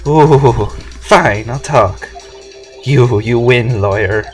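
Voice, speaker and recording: A man voicing a nervous, whiny young female reporter in a high, fretful voice. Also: very slow, soft background music.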